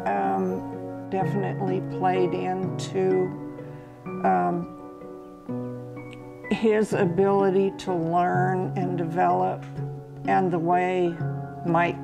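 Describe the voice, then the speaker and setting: Slow, flat-voiced woman with vocal fry. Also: fairly low pitch. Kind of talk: documentary interview. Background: soft guitar music.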